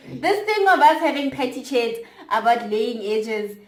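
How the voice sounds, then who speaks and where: A young South African woman co-hosting a casual chat, ranting in animated, emphatic repeats. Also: on the high side, unhurried, few pauses. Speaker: co-host. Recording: echoey room.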